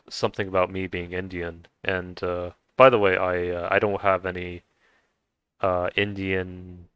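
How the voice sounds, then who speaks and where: Young american guy rambling about his life, very low smooth voice, lots of restarts. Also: a bit bright, dry recording. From United States. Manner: halting, many restarts and fillers. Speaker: vlogger. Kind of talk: casual personal monologue.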